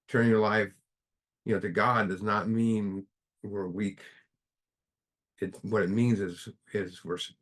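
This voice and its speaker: Middle-aged man, low voice, casual study-group speaker, halting delivery full of fillers. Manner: halting, with restarts and many fillers. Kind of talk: casual spiritual talk with storytelling.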